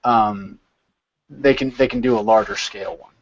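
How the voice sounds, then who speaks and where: A man's voice: medium pitch, steady tone, normal speed, muffled recording, a little hiss or hum. A man leading an informal study session over a video call, explaining step by step and repeating words as he thinks.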